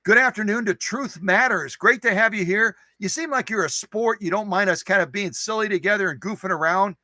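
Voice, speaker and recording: High, bright-voiced playful man. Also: fairly quick, no room sound, poor audio. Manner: playful and goofy, jokes and repeats phrases. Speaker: live stream host. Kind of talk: casual live stream chat greeting viewers.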